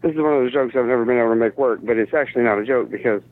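A man's voice: mid-range voice, rapid-fire. A man from South Arkansas, telling wry, rambling anecdotes in a casual podcast chat. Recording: tinny phone-like line.

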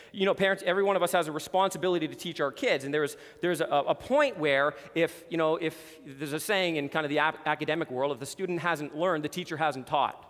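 A man's voice: fairly high pitch, a bit bright, in a large hall. A man preaching a sermon as pastor, emphatic and repeating words for stress.

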